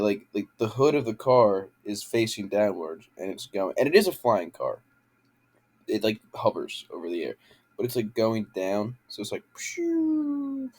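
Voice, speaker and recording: A man's voice: fairly low pitch, lively intonation, normal speed. A young man ranting about a show in a casual home vlog, swearing and rambling with lots of fillers into a handheld camera. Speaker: vlogger.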